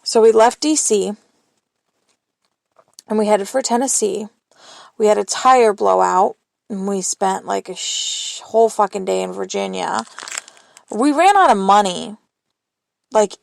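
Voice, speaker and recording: A woman's voice: medium pitch, unhurried, vocal fry, pauses often, no echo. A young woman hosting a solo podcast, rambling candidly into her phone and swearing casually. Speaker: podcast host. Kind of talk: solo confessional monologue.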